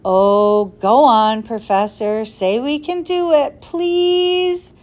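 A woman voicing an eager, excitable boy who talks in a pleading, urgent way. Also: a little high, a little slow.

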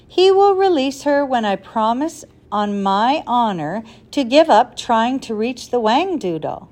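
A woman voicing a kindly, cautious older male professor, speaking in a measured, earnest way. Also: a little high.

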